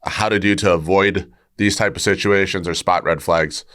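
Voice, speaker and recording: A man's voice: deep voice, steady tone, normal speed, a bit bright. A man hosting a podcast, talking with a martial arts background, thinking aloud with frequent restarts as he asks questions. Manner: restarts often, thinks aloud while asking. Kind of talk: conversational podcast interview.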